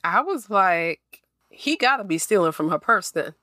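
A woman's voice: mid-range voice, big pitch swings, unhurried, pushed and bright. A woman co-hosting a podcast in casual chat, laid-back with dry, short interjections. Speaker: podcast co-host.

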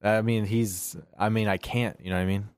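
A man with a lowish voice talks loosely about films he's watched, rambling and swearing as he goes. The sound is close and dry, with no room around it. His talk is unhurried and full of fillers. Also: fairly even intonation, a little mellow, clear, resonant tone, no echo. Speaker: podcast co-host. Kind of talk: casual chat about movies.

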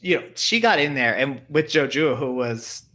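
A man's voice: mid-range voice, animated, normal speed, bright, forceful tone. A man co-hosting casual fight-betting chat, eager and full of fillers. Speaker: co-host.

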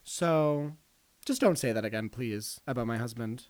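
A man's voice: mid-range voice, moderate pace, a little mellow, dry recording, close to an everyday voice. A man playing a vain, dramatic female film star in an improvised comedy podcast, gossipy and over the top, talking over an online call. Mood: threatening.

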